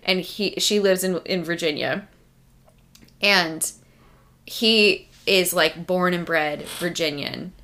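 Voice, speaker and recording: Animated woman cohost telling stories, laughs lots, bright voice. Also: fairly low pitch, slow. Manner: animated storyteller, laughs often. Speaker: podcast co-host. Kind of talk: casual chat.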